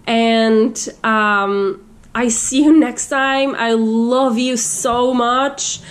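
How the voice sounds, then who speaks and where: A woman with a somewhat high voice gives a relaxed tarot reading to her viewers. She talks in an effusive, heartfelt way, full of "like" and "you know" and with frequent restarts. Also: very slow. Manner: effusive, many fillers and restarts. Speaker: tarot reader. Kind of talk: casual spiritual tarot reading.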